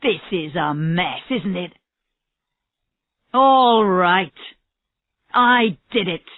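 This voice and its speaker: Woman reading a stubborn guy suspect in a police interview, slow, tinny phone-ish sound. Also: on the low side, lively intonation, dry recording. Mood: defensive. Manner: stubborn denials, rising to angry shouts. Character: male murder suspect under police questioning, defensive. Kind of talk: reading a graded story aloud. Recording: tinny phone-like audio, dry.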